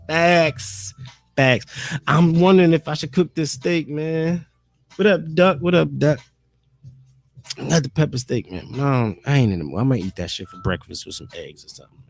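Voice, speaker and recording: Male streamer, gravelly voice, loose profane chat, dry close sound. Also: medium pitch, fairly quick, darkish tone, no room sound. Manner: loose, profane, talks to himself and viewers. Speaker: live streamer. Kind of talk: casual rambling monologue.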